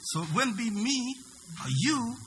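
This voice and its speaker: A man preaching a sermon. He asks the congregation questions and bursts into shouts. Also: very high-pitched, lively intonation, unhurried, a little hiss or hum. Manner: preaching with sudden shouted peaks and call-and-response questions.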